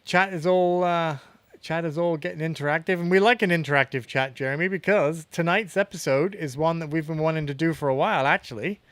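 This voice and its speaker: Guy cohosting, bit higher voice, laughs a lot, dry close sound. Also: a little fast, dry recording. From England. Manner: laughs easily, relaxed. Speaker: podcast co-host. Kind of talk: casual chat.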